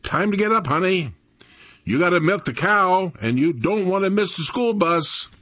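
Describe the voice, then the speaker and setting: A man's voice: sits high, expressive, normal speed, a bit bright, dry recording, pitched above the performer's own voice. An old man voicing a caring, busy farm mother in a raised, coaxing voice. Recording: dull lo-fi recording.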